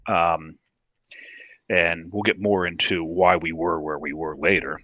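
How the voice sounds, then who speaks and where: A man's voice: low-pitched, steady tone, unhurried, dry recording, lo-fi sound. A man, co-hosting a casual chat show, teasing his partner and often restarting his sentences. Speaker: co-host.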